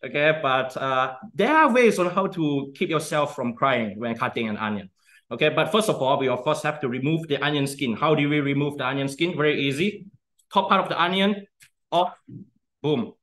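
A man's voice: fairly high pitch, animated, moderate pace, a bit bright. A young man giving a casual cooking demonstration, chatty and often checking in with "okay?". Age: young adult.

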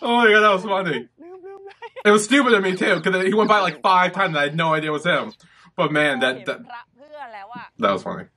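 A man hosting a reaction video, talking casually and excitably, swearing freely and exclaiming at what he sees. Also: sits high, brisk, pauses often.

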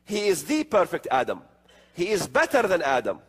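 A man's voice: high-pitched, wildly swooping pitch, normal speed, breathy edge. A man giving an emphatic religious lecture, firing rhetorical questions with sarcastic asides. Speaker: religious speaker. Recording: long hall reverb.

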